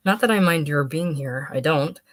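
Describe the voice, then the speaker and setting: A woman's voice: deep voice, lively intonation, moderate pace, no room sound. A woman reading aloud, voicing a stiff, earnest young male scholar who lectures precisely. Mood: aggrieved. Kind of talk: audiobook reading.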